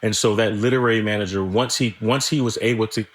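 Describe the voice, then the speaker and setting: Reflective low-voiced man, halting speech. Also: fairly even intonation. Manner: reflective, halting, frequent restarts and swearing. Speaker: guest screenwriter. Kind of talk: candid conversational interview.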